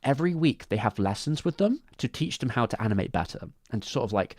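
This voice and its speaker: Man, casual live-stream commentator, rambling with restarts, mid pitch, dry close sound. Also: expressive, quick pace, no room sound. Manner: rambling, many restarts and asides. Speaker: streamer discussing animation credits.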